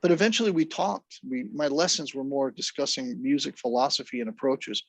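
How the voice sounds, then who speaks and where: A man, a drummer guest, telling stories in a relaxed, even-keeled way during a casual interview. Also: medium pitch, a little fast, creaky, breathy edge, dry recording. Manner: laid-back, even-keeled storyteller.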